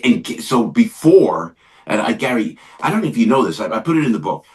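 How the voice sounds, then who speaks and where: An older man, a comedian guest on a chat show, telling show-business stories in a lively, rambling way with many restarts and quick agreements. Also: medium pitch. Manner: animated, lots of yeahs and restarts. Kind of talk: casual chat, storytelling.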